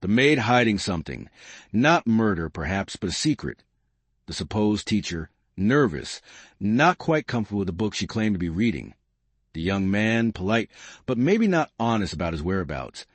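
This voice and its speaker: Calm, unhurried low-voiced male narrator. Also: no room sound. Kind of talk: calm bedtime story narration.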